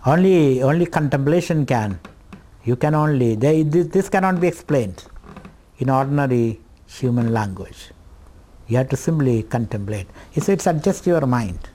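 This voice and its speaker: A middle-aged man teaching scripture at a retreat, speaking slowly and contemplatively, repeating phrases and drawing out Sanskrit words. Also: mid-range voice, lively intonation, warm tone. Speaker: spiritual teacher.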